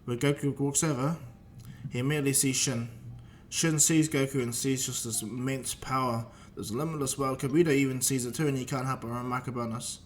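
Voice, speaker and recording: A man's voice: medium pitch, fairly even intonation, fairly quick, slight background noise. A man casually retelling a fan-made story in a loose, rambling way with many fillers.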